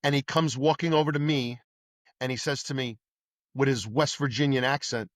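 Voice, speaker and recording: A middle-aged man from New York who used to be a police detective reminisces in a casual podcast interview, acting out conversations as he tells his animated anecdotes. His voice sits mid-range for a man, his speed is normal, and the audio is close and dry without room sound.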